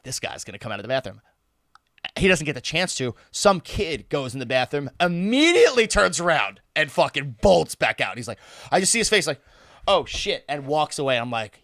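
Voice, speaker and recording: A man hosting a live podcast, telling a comic party story in an animated way, laughing and swearing as he goes. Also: mid-range voice, no echo, clean studio sound. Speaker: podcast host.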